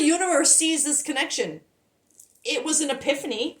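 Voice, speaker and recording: A woman's voice: sits high, very animated, moderate pace, reverberant. A woman giving a tarot reading, breathless and stumbling over her words, swearing and apologizing. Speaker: tarot reader.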